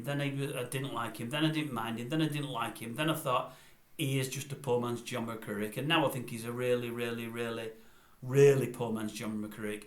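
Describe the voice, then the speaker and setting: Grumbling older man, echoey room. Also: medium pitch. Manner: blunt, grumbling, repetitive. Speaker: vlogger. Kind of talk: ranting review.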